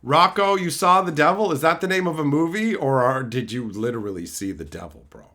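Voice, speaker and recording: A man's voice: on the high side, lively intonation, a little fast, pushed and bright. A man from Canada chatting casually on a livestream, answering chat messages with sarcasm, swearing and bursts of exasperation. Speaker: streamer reading chat.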